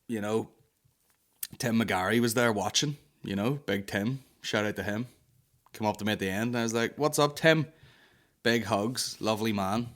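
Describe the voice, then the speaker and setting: With a fairly low pitch and fairly bright tone, this Northern Irish podcast host delivers a casual comedy monologue full of rambling, profane stories and assumed voices.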